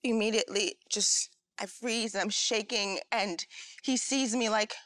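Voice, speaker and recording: A woman's voice: medium pitch, unhurried, a bit bright, no echo. A woman sharing an earnest personal testimony as a talk show guest, storytelling and acting out what people said. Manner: earnest, storytelling, acts out quoted voices.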